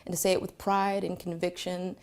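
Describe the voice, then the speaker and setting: A woman from Philadelphia telling a personal story, reflective and halting, with many pauses and fillers. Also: lowish voice, little pitch movement, a little mellow, smooth. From Philadelphia, Pennsylvania.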